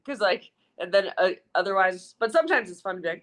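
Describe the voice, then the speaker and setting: A woman with a medium-pitched, fairly bright voice talks fast. She's a sports reporter from South Africa, raised in Colorado, appearing as a podcast guest and chatting casually in an interview. She comes across as playful, chatty and self-mocking, joking as she goes.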